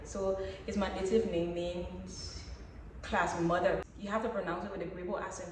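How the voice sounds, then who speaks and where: A woman's voice: mid-range voice, fairly even intonation, moderate pace, darkish tone, slight background noise. A young woman, chatting playfully and affectionately to her followers in a home vlog. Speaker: vlogger. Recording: very echoey room from far off.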